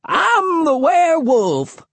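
A reader voicing a crazed, wild-haired swamp hermit man who shrieks with high-pitched laughing wails. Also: wildly swooping pitch, drawn-out words, slightly rough, no room sound, exaggerated voice. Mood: shrieking mania.

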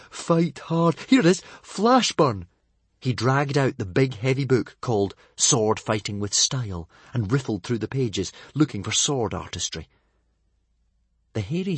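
A man narrating a children's storybook in a lively, expressive reading. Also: fairly low pitch, husky, dry recording. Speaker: audiobook narrator.

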